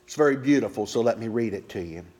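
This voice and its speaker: A man's voice: fairly low pitch, expressive, quick pace, darkish tone. A man preaching a sermon as a pastor, telling stories expressively with big swings in delivery.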